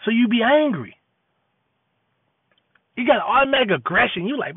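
Brief: high-voiced man, preachy street-slang monologue, tinny phone-quality audio. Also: sing-song, moderate pace, slightly rough, dry recording. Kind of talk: impassioned monologue.

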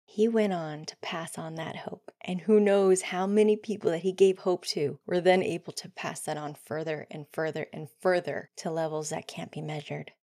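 A woman hosting a solo podcast, talking earnestly and often dropping into soft near-whispers. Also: low voice, fairly even intonation, moderate pace, hardly any pauses, dry recording, clean studio sound. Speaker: podcast host.

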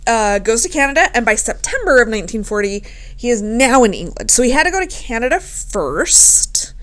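A tipsy woman hosting a casual storytelling podcast, swearing freely and breaking into laughter. Her voice sits somewhat high and swings widely in pitch as she gets worked up. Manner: profane, animated, laughing often. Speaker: podcast host.

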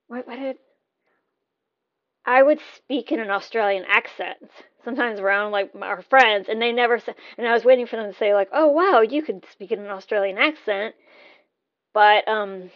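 A woman's voice: mid-range voice, fairly even intonation, moderate pace, highs cut off. An American woman hosting a podcast, talking casually and thinking aloud, often correcting herself mid-sentence. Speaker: podcast host. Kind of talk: casual rambling TV recap.

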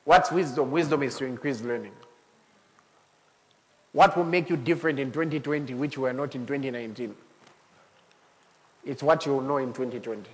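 A man preaching a sermon as pastor, animated, swinging up to shouts and laughing with the congregation. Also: medium pitch, brisk, pauses often. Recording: long hall reverb.

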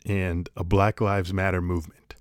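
A man's voice: low voice, level tone, moderate pace, dry recording, studio quality. A man talking to camera in a casual comedic monologue, sarcastic and rambling, swearing casually. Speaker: vlogger.

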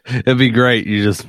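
A man's voice: medium pitch, fairly bright tone, no echo, clean studio sound. A man co-hosting a podcast in casual chat, rambling with fillers and laughing often. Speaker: podcast co-host.

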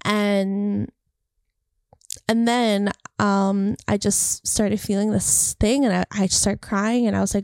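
A woman's voice: medium pitch, level tone, unhurried, gravelly, darkish tone, dry recording, clean studio sound. A young woman talking casually and earnestly to camera about faith and encouragement, rambling and heartfelt. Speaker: faith vlogger. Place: California.

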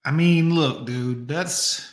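A man with a somewhat high voice riffs sarcastically for his stream audience. The sound is roomy and echoey, and he mocks what he watches in a loose, joking way. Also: slow. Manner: mocking, sarcastic, addresses chat. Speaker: streamer reacting to a dating video. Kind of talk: sarcastic live-stream commentary.

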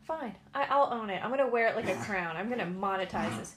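A woman's voice: medium pitch, brisk, hardly any pauses, a bit bright, a little hiss or hum. A woman in her late thirties hosting a casual solo podcast from home, blunt, sarcastic and defiant. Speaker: podcast host.

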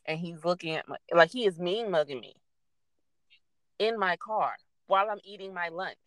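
A young adult woman casually telling a story, animated and swearing freely as she acts out what people said. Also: on the low side, moderate pace, dry recording.

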